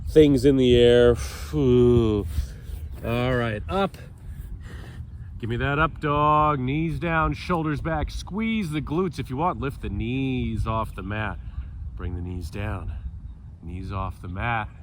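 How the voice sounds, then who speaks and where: A man in his fifties coaching a stretch routine at an unhurried, drawn-out pace. He is cheerful and playful and sounds slightly stuffy. He is outdoors, with faint noise behind him. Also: mid-range voice. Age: 50s. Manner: upbeat, jokey, cues movements while doing them. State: a little stuffy, clears throat often. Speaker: fitness coach. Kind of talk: guided stretching instruction. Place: outdoors on a mat on grass.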